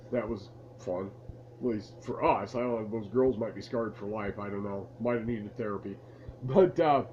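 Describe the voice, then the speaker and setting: A man's voice: medium pitch, a little mellow, highs cut off, slight background noise. A man casually telling a rambling, amused story to camera in a room at home. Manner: laid-back, rambling, amused. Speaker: vlogger telling stories from his past. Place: room at home lit by a lamp.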